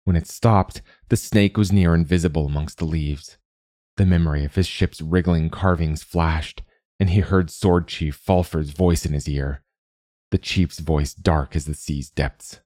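A man narrating a storybook tale in a steady, measured way. His voice is very low and deep. The recording is close and dry, with no room sound. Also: dry recording.

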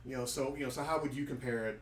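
A man's voice: medium pitch, fairly even intonation, racing. A man hosting a family podcast, asking his mother questions in a rambling way with many fillers. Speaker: podcast host. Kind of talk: casual family chat. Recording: roomy and distant with faint noise.

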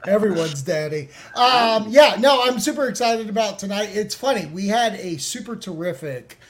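A man co-hosting a podcast in casual banter, joking and laughing often, reading sponsor plugs in quick bursts. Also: sits high, animated. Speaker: podcast co-host.

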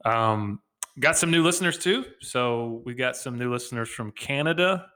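A man's voice: mid-range voice, animated, normal speed, bright, forceful tone. A man co-hosting a podcast, chatting casually in an upbeat way with many fillers over a video call. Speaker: podcast co-host.

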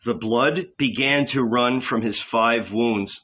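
A man's voice: mid-range voice, a bit bright, muffled recording. A man giving a dramatic narration of a novel as an audiobook reader. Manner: dramatic, slow.

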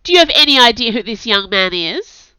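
A woman's voice: fairly high pitch, big pitch swings, bright, forceful tone, clear, resonant tone, dry recording, pitched above the performer's own voice. A woman doing a stern, sardonic old witch. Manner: brisk and businesslike. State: has a cold. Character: stern, poised older witch, dryly sarcastic. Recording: dull, dry audio.

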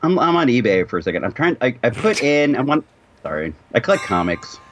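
A man's voice: mid-range voice, very animated, a little fast, a little hiss or hum. Wry, teasing male podcast host. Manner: wry, teasing, playful asides. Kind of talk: casual chat.

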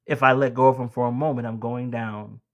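A man's voice: medium pitch, steady tone, brisk. A man preaching a sermon, talking to the congregation like friends, building to emphatic lines and easing back down. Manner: addresses listeners as beloved and friends.

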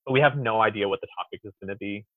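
A man as a podcast guest in casual chat, an animated, exuberant storyteller. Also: lowish voice, racing, dry recording. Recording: tinny phone-like dry sound.

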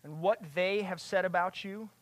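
A preacher delivering a sermon with passion, asking rhetorical questions and building to loud, emphatic peaks. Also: mid-range voice, fairly even intonation, moderate pace, no echo.

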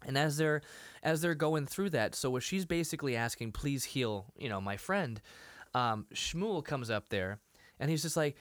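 Guy cohosting a podcast, acting out scenes all animated, laughs a lot, dry mic. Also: a little high, moderate pace, dry recording. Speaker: podcast co-host. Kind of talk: casual discussion of a TV episode.

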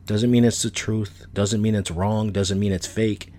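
A man's voice: on the low side, steady tone, unhurried, dark tone. A middle-aged man hosting a solo podcast, talking casually in a blunt, opinionated, rambling way that repeats itself. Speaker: podcast host.

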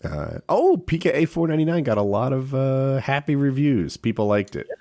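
Recorded in studio quality with no room sound, this man's mid-range voice moves at a moderate pace. Co-hosting a podcast, he chats casually, swears freely, and tells animated stories, acting out quotes by raising his voice.

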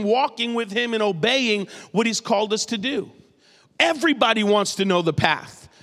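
A man from New England preaching a sermon as the pastor, animated and joking as he tells stories. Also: high voice. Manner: animated, jokey storytelling preacher. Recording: long reverb in a large hall.

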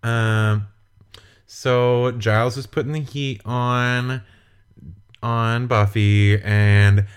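A man's voice: mid-range voice, steady tone, drawn-out words, clear, resonant tone. A man co-hosting a podcast, recapping a TV episode in a casual chat with wry, joking asides. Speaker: podcast co-host.

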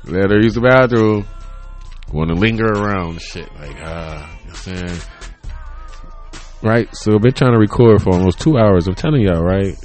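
A low-voiced man in his thirties rants casually and profanely on his solo podcast from a bedroom home setup, laughing often. He moves at a moderate pace with faint music behind him, shifting from low mumbles to loud, excited bursts.

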